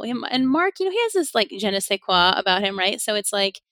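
A woman's voice: medium pitch, sing-song, fairly quick, bright, forceful tone, no echo. A middle-aged woman, a podcast guest, telling stories in a casual interview, laughing often and acting out the speech she quotes.

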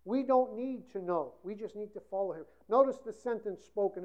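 A woman preaching a sermon with passion, swinging between loud emphasis and hushed passages. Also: mid-range voice, normal speed, few pauses. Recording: dull lo-fi recording.

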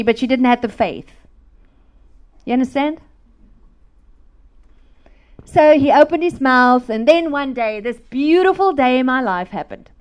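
A woman with a high, light voice delivers a lively testimony from the pulpit. She acts out the people in her story, dropping to a hush and then bursting into laughter. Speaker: speaker at a church. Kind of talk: testimony sermon.

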